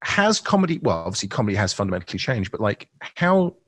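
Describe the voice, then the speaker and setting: A man's voice: lowish voice, big pitch swings, quick pace, a bit bright, no echo. A man hosting a podcast, asking long, winding questions with many restarts. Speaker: podcast host. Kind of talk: casual podcast conversation.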